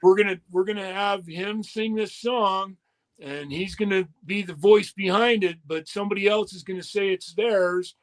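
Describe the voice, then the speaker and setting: At a normal speed and with a voice that sits high, an older man who used to wrestle and play music shares long, foul-mouthed tales as a guest in an easygoing interview, playing the parts of those he quotes.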